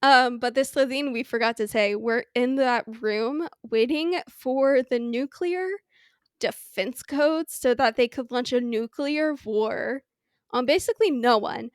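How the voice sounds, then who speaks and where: A woman's voice: on the high side, measured pace, smooth, no room sound, studio quality. A woman co-hosting a podcast in casual chat, rambling with many "like" fillers and rhetorical questions. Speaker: podcast co-host.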